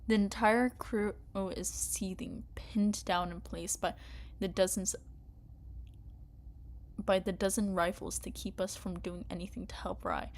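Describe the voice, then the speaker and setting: A woman streamer reading game narration aloud and breaking off to rant loudly at the story, often laughing. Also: mid-range voice, fairly even intonation, measured pace.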